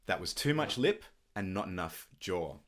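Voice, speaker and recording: Lively-pitched man teaching clarinet technique. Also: normal speed. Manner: relaxed, thoughtful explaining with occasional fillers. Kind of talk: instructional video talk.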